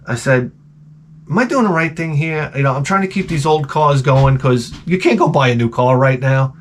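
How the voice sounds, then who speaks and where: A man telling a story in a casual vlog rant, animated and profane with many restarts. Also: fairly high pitch. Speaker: vlogger.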